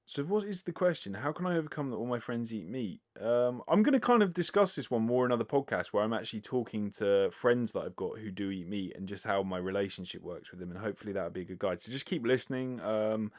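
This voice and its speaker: A British man hosts his own podcast alone, working through listener questions. His voice sits a little low. He talks loosely, wanders off on tangents, pokes fun at himself and swears now and then. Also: lively intonation, fast, hardly any pauses, darkish tone. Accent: British English. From Britain. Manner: rambling, self-deprecating, swears casually, lots of fillers. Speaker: podcast host. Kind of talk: casual solo podcast answering listener questions.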